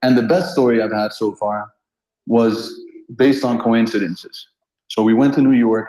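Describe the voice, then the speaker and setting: A man in his thirties from Colombia, a street artist telling funny anecdotes in a relaxed, animated way and laughing often. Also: fairly low pitch, unhurried. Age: 30s. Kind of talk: casual storytelling. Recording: roomy echo.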